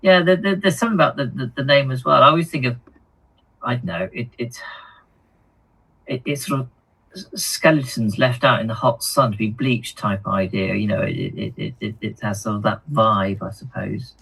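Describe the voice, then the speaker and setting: A man co-hosting a hobby live stream, reading viewer comments aloud in a halting, chatty way with lots of ums and repeated words. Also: mid-range voice, vocal fry, bright, forceful tone, slightly rough, poor audio. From United Kingdom.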